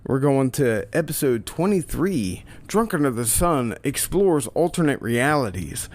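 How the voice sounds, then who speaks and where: A man's voice: mid-range voice, darkish tone. A man hosting a casual podcast, introducing clips in a laid-back, chuckling, rambling way. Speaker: podcast host presenting clips. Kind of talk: casual solo narration between clips.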